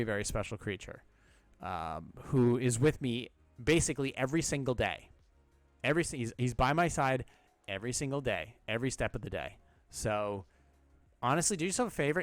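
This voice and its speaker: A man's voice: mid-range voice, dry recording. A man hosting an advice podcast, answering listener questions in a blunt, sarcastic way and swearing freely.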